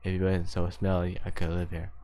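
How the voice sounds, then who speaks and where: A man's voice: low voice, monotone, brisk, warm tone, faint music behind. A man streaming a visual novel, reading the lines aloud casually with wry, swearing asides.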